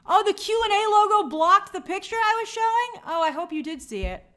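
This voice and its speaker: A woman hosting a live stream from her home in New York, reading viewer comments aloud and giving friendly shout-outs in a chatty, apologetic way. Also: very high voice, lively intonation, brisk.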